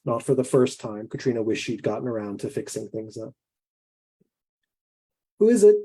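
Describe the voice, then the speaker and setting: A man, a guest author, reading his own fiction aloud in a measured, deliberate way. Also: lowish voice, little pitch movement, mellow, breathy edge.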